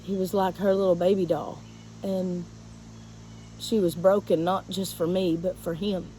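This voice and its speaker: A woman, a teacher, telling a painful personal story to her viewers in a halting, emotional way. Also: fairly low pitch, little pitch movement, warm tone, a little hiss or hum, poor audio.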